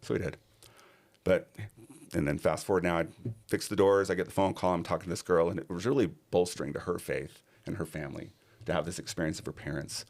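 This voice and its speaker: A man's voice: low voice, fairly even intonation, quick pace, darkish tone. A middle-aged man, a podcast guest, telling a personal story in earnest and acting out other people's lines.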